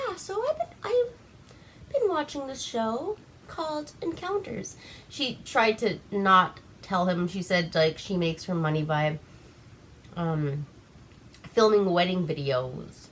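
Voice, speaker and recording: A woman's voice: low-pitched, slight background noise. Giggly, chatty young woman from Alaska. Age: young adult. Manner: chatty and giggly, full of "like" and "um" fillers. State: tipsy from wine. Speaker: vlog host. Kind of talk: casual movie recap.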